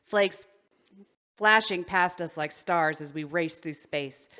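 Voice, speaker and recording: A woman's voice: lowish voice, slow pace, bright, forceful tone. A woman co-hosting a podcast, reading a story aloud, stumbling over words and breaking into giggles. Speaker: podcast co-host.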